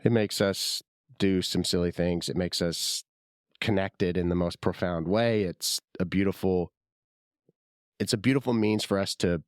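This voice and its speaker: A man's voice: low voice, steady tone, a little slow, dry recording, studio quality. A man hosting his own podcast, talking in a rambling, chatty, self-deprecating way while his throat is sore from the flu. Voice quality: husky from illness. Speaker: podcast host. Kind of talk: casual solo podcast monologue.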